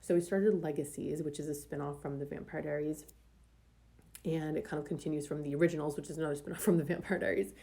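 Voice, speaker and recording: A young woman chats through her weekly planner layout in an easygoing, rambling way, stopping often for ums and likes. Her voice sits low and sounds dark, with a gravelly edge. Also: steady tone, fast. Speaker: planner vlogger. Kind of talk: casual planner decorating voice-over.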